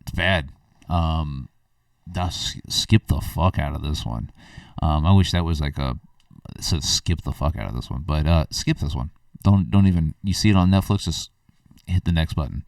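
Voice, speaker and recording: A man's voice: extremely low pitch, moderate pace, creaky, dry recording, studio quality, far from the mic. A man hosting a podcast, giving a blunt, rambling movie review with lots of fillers and restarts. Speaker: film reviewer, podcast host. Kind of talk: casual spoken movie review.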